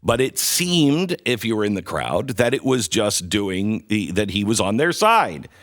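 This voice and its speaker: A man hosting a show, retelling what happened in video clips in animated commentary and acting out the quoted voices. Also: on the low side, measured pace, no echo, clean studio sound. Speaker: show host.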